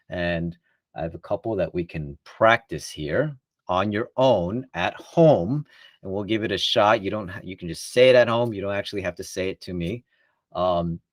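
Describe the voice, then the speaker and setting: A man presenting a parent workshop, explaining in a relaxed way with many fillers and restarts. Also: deep voice, no echo. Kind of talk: casual online workshop talk.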